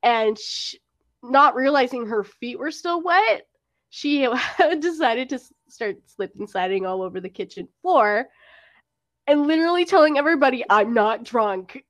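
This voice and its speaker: A young woman with a somewhat high voice tells a rowdy party story in casual chat, laughing often and acting out what her friends said. The sound is close and dry, with no room around her. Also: moderate pace, no echo. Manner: laughing, animated storytelling with acted-out quotes. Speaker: co-host telling a party story.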